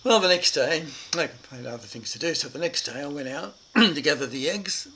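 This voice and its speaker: A man's voice: a little high, lively intonation, a little fast, sharp tone, a little hiss or hum, poor audio. An older man with an Irish Australian accent telling a childhood story in a rambling, reflective way. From Ireland and Australia. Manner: rambling and reflective, with many fillers.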